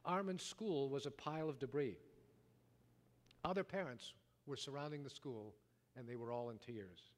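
A man preaching a sermon, telling a story dramatically, rising loud and dropping to a hush. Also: medium pitch, moderate pace. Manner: dramatic storytelling, wide swings from loud to hushed. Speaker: pastor. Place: church sanctuary. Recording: long reverb of a large hall.

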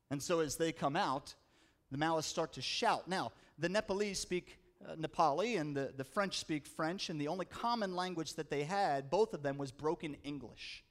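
Preacher man telling a story in a sermon. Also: a little high. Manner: storytelling with dramatic slowdowns and rising emphasis. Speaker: pastor.

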